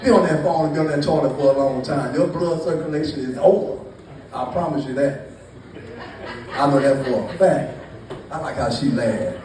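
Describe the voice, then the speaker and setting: A man's voice: fairly high pitch, normal speed. A man doing stand-up storytelling to a live crowd, loose and profane, teasing the audience. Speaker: stand-up comedian. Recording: echoey, distant mic with noise.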